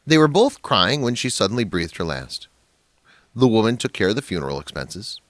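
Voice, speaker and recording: A man's voice: lowish voice, a bit bright, no room sound. A man narrating a dramatic family story in a scripted, emphatic way.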